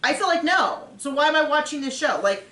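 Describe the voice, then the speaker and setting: A woman's voice: high-pitched, animated, brisk, fairly bright tone, roomy sound. A woman hosting a casual TV recap chat, rambling with frequent restarts and fillers. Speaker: TV recap host.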